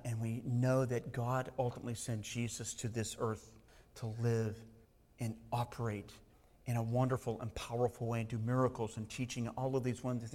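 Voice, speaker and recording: A man's voice: medium pitch, a little mellow, in a large hall. A man preaching a sermon in an emphatic way, often repeating words for stress. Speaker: pastor.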